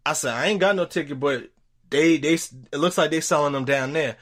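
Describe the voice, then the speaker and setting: A young man tells a story on his podcast in a loose, profane way. His voice sits a little high for a man, and he gets animated as he retells what people said. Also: brisk. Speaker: podcast host. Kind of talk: casual storytelling monologue.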